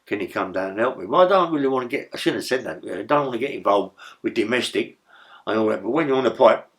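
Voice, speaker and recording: A man's voice: mid-range voice, expressive, fast talker. A middle-aged man telling stories in a rambling, profane way, full of stammered restarts. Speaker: interview guest, former prisoner. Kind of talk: casual storytelling.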